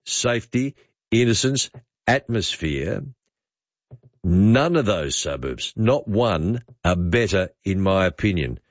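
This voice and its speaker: A man in his fifties with an Australian accent, hosting talkback radio with chatty quick asides. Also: lowish voice, no echo. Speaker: radio host. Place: radio studio. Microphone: studio mic. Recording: slightly dull dry studio sound.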